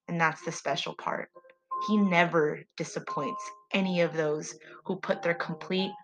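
A woman talks alone on her faith podcast in a slightly low voice. She speaks earnestly and prayerfully, heartfelt and sincere, as she addresses her listeners. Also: fairly bright tone, poor audio. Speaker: podcast host. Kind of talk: solo faith podcast monologue.

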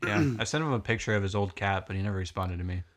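A young man hosting a casual podcast, encouraging and quick to laugh. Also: fairly low pitch, expressive, fairly bright tone. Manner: encouraging, giggly. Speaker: podcast host. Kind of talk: casual chat.

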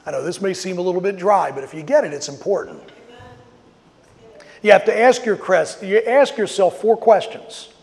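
A man's voice: sits high, normal speed, creaky, big-room sound. A man preaching a sermon outdoors, telling a story and acting out quotes with rising emphasis. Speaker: pastor. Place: outdoors on a street.

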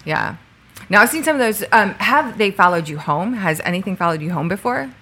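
A woman co-hosting an interview, telling stories casually and acting out the dialogue, sitting in bright sun. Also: mid-range voice, brisk, breathy edge. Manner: animated storyteller, acts out quoted dialogue. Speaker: podcast co-host.

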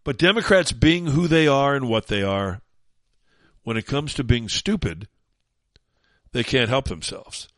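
A man's voice: mid-range voice, expressive, measured pace, long pauses, fairly bright tone, no room sound. A male talk radio host in full sarcastic mode, combative and scornful. His voice sits mid-range, recorded close and dry in the studio. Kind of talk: opinionated talk radio monologue.

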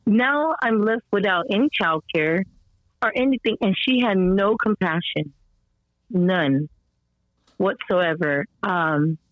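A woman as a podcast guest telling a story about her son in a rambling, animated way, full of fillers and restarts, her voice slightly strained, as she acts out the people she quotes. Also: mid-range voice, slow pace, dry recording. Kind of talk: conversational storytelling interview. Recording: dull lo-fi dry sound.

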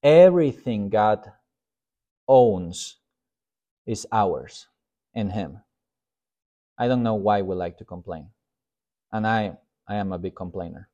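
A man's voice: fairly low pitch, lively intonation, slow, pauses often, dark tone, lo-fi sound. A man, a pastor, giving a casual Sunday school sermon in a conversational, self-deprecating way. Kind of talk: informal sermon.

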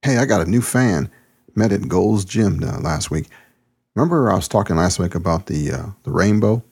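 A man's voice: sits low, lively intonation, moderate pace, a little mellow, breathy edge. A man hosting his podcast, reading a story aloud and then chatting in a laid-back, slangy way. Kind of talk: audiobook narration and casual chat.

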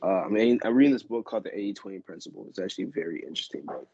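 A young man, a college student, talking in a relaxed, rambling way in a casual group chat, with some self-mocking sarcasm. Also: on the low side, rapid-fire, breathy edge, dry recording, lo-fi sound. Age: young adult.

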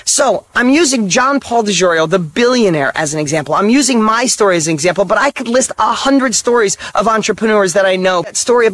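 A man's voice: sits high, animated, brisk, few pauses, a bit bright, no echo. A middle-aged man, a motivational speaker and author, delivering an emphatic monologue in short repeated statements, candid and blunt with the odd mild swear word.

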